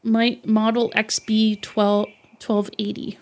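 A woman co-hosting a casual podcast, easygoing, reading passages aloud haltingly. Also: medium pitch, flat delivery, noisy background. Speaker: podcast co-host. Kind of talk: casual chat.

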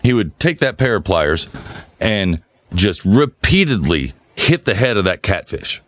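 Very deep-voiced man telling rambling stories. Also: a little slow, no echo, studio quality. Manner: relaxed rambling storyteller, swears freely. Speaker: podcast co-host. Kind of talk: casual chat, storytelling.

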